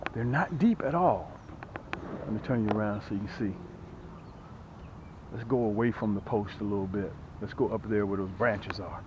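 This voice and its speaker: Out on a small boat on a lake, a man hosting a fishing channel talks chattily and excitedly straight to his viewers in casual vlog commentary. His voice is medium in pitch, and the outdoor audio is dull and lo-fi with faint noise.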